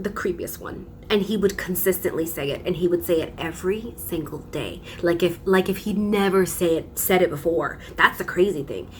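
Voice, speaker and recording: A young woman vlogs casually, telling a story with dramatic emphasis and frequent laughs. Her voice is fairly low-pitched, with a little hiss or hum in the audio.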